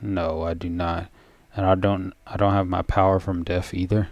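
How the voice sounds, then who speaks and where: Deep-voiced man musing over his gameplay. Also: normal speed. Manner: relaxed, thinks aloud while playing. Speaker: video game player. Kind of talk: casual gameplay commentary.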